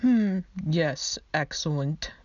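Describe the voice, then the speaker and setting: A woman's voice: deep voice, lively intonation, slow, darkish tone, no room sound. A woman voicing a goofy, fussy male skeleton clerk who talks down to people in an awful fake accent. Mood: condescending. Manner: terrible fake put-on accent. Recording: dull lo-fi dry recording.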